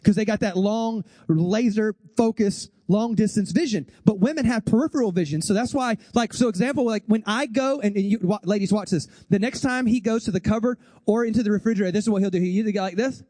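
High-voiced joking pastor with a drawl. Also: male voice, warm tone, dry recording. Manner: chatty, joking, addresses the congregation directly; acts out voices and gestures in quick asides. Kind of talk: humorous sermon.

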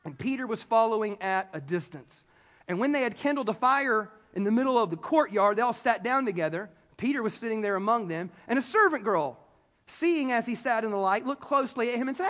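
A man from South Carolina preaching a sermon to a live audience, telling the story in a lively way, acting out voices and adding playful asides. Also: very high voice, brisk. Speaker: pastor. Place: large hall before an audience. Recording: long hall reverb.

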